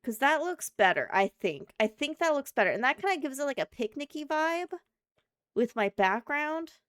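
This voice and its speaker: A woman's voice: high voice, sing-song, moderate pace, a bit bright, no echo, clean studio sound. A woman streamer chatting casually and thinking aloud while playing a game. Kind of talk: casual live-stream chat while gaming.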